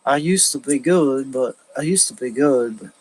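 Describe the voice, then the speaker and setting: A man's voice: mid-range voice, darkish tone, husky, low-quality recording. Man rambling through a livestream. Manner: thinking aloud, halting with frequent restarts. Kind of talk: rambling solo livestream talk.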